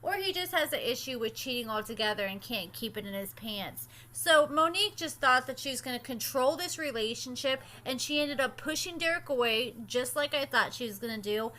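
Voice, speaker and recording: A woman's voice: sits high, lively intonation, fairly quick, few pauses, sharp tone. A young woman casually recapping and commenting on a reality show, chatty and opinionated with sassy asides.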